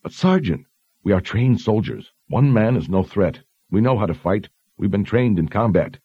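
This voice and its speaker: An eager young woman soldier who insists on her training, raised and pushy in tone, played by a male narrator. The voice is a little husky, and the recording is dry. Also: fairly low pitch, big pitch swings, moderate pace, no echo, highs cut off, voice pushed up, heavily acted. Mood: protesting. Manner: protesting, insistent.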